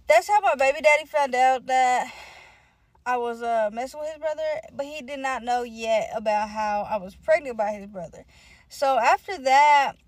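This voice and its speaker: A young woman with a slightly high voice, recorded dry and close with no room sound. She tells a personal story in a casual, rambling way, swearing freely and packing her talk with slang and filler words. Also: no room sound. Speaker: vlogger telling a personal story.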